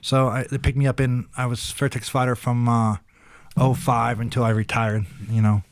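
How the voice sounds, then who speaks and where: Brief: male guest in his 40s, mid-pitched, rambling and profane, acts out voices in his stories, dry close mic. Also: level tone, normal speed, no echo. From Pennsylvania, USA. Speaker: podcast guest, retired kickboxer. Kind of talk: casual storytelling interview.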